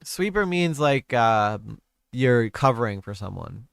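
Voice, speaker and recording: A man's voice: mid-range voice, very animated, unhurried, creaky, clear, resonant tone, dry recording, studio quality. Crude, rambling young male streamer. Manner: crude, rambling, trails off often. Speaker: streamer host. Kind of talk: casual stream chat.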